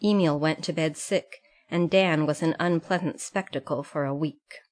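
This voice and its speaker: A woman reading a classic novel aloud as an audiobook narrator. Her voice sits on the low side, calm and even as she tells the story. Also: normal speed. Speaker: audiobook reader. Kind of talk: scripted narration.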